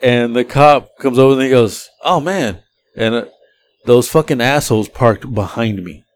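A man's voice: mid-range voice, normal speed, clean tone. A man hosting a podcast, telling a story casually and profanely, acting out the people he quotes. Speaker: podcast host.

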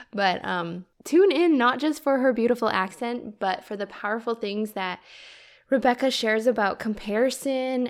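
A woman hosting a faith-based podcast, introducing her guest in an enthusiastic, gushing, conversational way. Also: mid-range voice. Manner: faith-filled, prayerful phrasing. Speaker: podcast host. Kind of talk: solo podcast intro, casual chat.

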